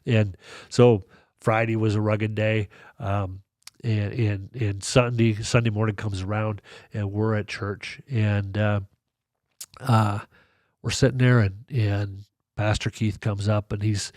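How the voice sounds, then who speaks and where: A man's voice: lowish voice, takes it slowly, dry recording, studio quality. A man telling a personal story in casual conversation, acting out what people said to him. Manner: animated storyteller, acts out quoted dialogue. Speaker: podcast guest.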